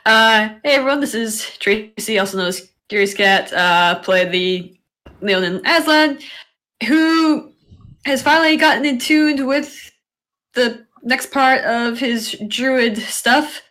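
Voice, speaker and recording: A woman's voice: on the high side, slow pace, a bit bright. A woman player introducing herself in casual chat, hesitant with many uhs.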